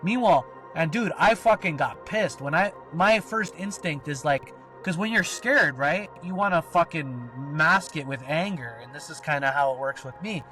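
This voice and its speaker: A man's voice: a little high, expressive, moderate pace, few pauses, pushed and bright, soft background music. Profane man rambling a story. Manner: rambling, profane, lots of filler "like". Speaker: podcast co-host. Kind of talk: casual storytelling.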